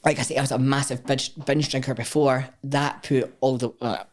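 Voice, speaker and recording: Her voice is very deep and her pace moderate; she's a Scottish woman with an accent to match. As a powerlifter guesting on a podcast, she recounts her own story candidly, swears freely, and acts out what others said.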